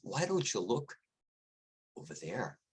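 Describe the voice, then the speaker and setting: A man playing a crafty coyote in a told fable who is always a step ahead. He talks in a coaxing, persuasive way. The voice is husky and lively, leaping up in pitch. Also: slow pace, full character voice. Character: sly wily male coyote.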